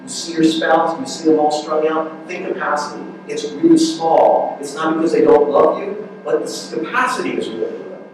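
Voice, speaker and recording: A man's voice: on the high side, normal speed, few pauses. A man speaking as a counselor at a relationship workshop, talking in a loose, conversational way, repeating words and often asking "right?". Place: large room at a church youth ministry event. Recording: echoey hall from far off, faint noise.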